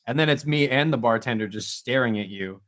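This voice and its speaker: A man's voice: mid-range voice, fairly quick, fairly bright tone. A young man, co-host of a podcast, telling rambling stories in casual chat and acting out what people said. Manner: rambling storyteller, acts out quotes, many fillers.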